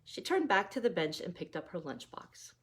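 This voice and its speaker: A woman reading her own novella aloud, gently, like a mother reading a story to her children. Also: lowish voice, sing-song, normal speed, slightly rough.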